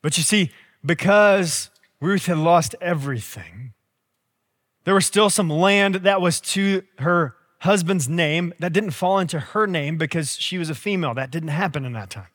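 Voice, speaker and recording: Pastor, young adult man, high voice, chatty storytelling sermon, hall echo. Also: normal speed. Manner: conversational storytelling, animated asides. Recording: long hall reverb.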